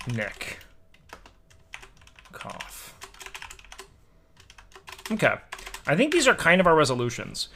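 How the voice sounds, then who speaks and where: A man's voice: fairly high pitch, huge pitch swings, fairly quick, vocal fry, a bit bright, slight background noise. A young man livestreaming, chatting casually and musing aloud to his chat, swearing now and then, at a home desk mic.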